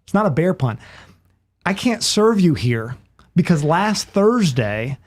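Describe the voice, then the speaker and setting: A man's voice: fairly high pitch, moderate pace, warm tone, natural voice. A man voicing an earnest middle-aged bartender in a told joke, pleading and heartfelt, often calling his listener "man.".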